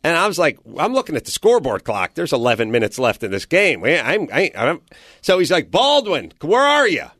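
A man's voice: fairly high pitch, a little fast, no room sound, studio quality. A man hosting a radio talk show, telling a story with lots of swearing and acting out both sides. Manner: animated, profane, acts out both sides of the story. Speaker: radio host. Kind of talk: casual storytelling.

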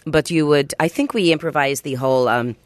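A middle-aged woman chatting as a guest in an interview, animated and quick to jump up in pitch. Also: no echo. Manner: animated, pitch jumps high when excited. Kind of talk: casual interview chat.

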